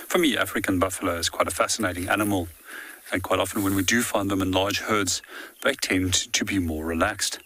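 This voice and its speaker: A man guiding a walking safari outdoors, giving calm, explanatory live commentary. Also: low voice, no room sound, poor audio. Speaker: safari guide. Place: outdoors in the bush on foot.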